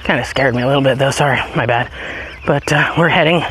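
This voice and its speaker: A man chatting casually as he walks his dogs up a hilly road outdoors, a bit out of breath, now and then calling the dogs in a high sing-song voice. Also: quick pace, fairly bright tone, a little hiss or hum. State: out of breath from walking uphill. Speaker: podcast host. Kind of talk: casual walking vlog.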